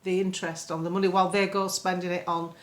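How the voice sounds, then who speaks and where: A woman's voice: fairly low pitch, little pitch movement, quick pace. A woman giving casual political commentary, chatty and rambling, with many fillers and sarcastic asides. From England. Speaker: political vlogger.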